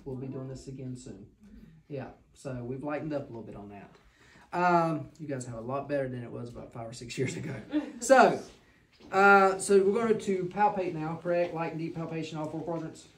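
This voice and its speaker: A woman's voice: deep voice, expressive, moderate pace, a little hiss or hum. A woman, teaching a physical exam to a class and checking in with her students as she demonstrates. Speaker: clinical instructor.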